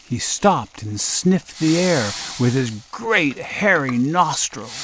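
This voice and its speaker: A man reading a children's story aloud, slow and expressive, in a storytelling manner. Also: on the high side, background noise. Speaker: narrator.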